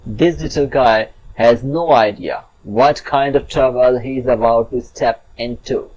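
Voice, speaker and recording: A man's voice: mid-range voice, unhurried, darkish tone, low-quality recording. A man telling a children's fable in a chatty, playful storybook narration with asides to the listener.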